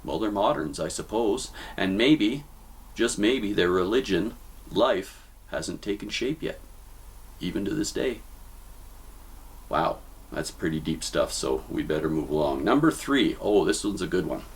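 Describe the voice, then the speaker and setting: A man's voice: low voice, animated, a little slow, husky. Emphatic man giving a literary lecture. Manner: emphatic, repeats key points, addresses viewers as folks. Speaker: video essay host.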